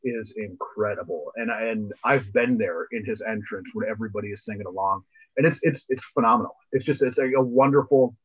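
A man's voice: on the low side, brisk, breathy edge, highs cut off. A man co-hosting a podcast in casual chat, laid-back and repeating phrases while he thinks. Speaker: podcast co-host.

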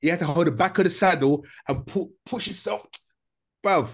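Un homme d'âge moyen à l'londonien raconte une anecdote avec entrain, dans une discussion décontractée de podcast. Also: male voice, a little high, moderate pace, breathy edge. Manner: animated storytelling, lots of slang. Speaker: podcast co-host. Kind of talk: casual chat.

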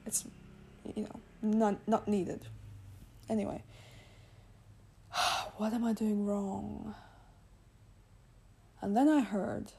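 Gravelly, husky woman podcaster. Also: medium pitch, dark tone. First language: not English. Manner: chatty, rambling, laughs often, self-corrects. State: tired. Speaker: podcast host. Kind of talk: casual spiritual podcast monologue.

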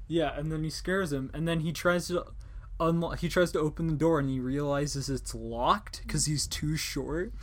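A man's voice: a little high, steady tone, normal speed, fairly bright tone. A young man hosting a casual podcast chat, rambling and joking with casual swearing. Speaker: podcast host.

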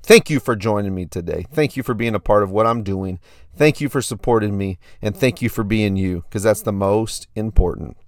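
A man's voice: lowish voice, normal speed, dry recording. Pumped-up male podcast host. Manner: hyped, repetitive storytelling. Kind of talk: casual podcast monologue.

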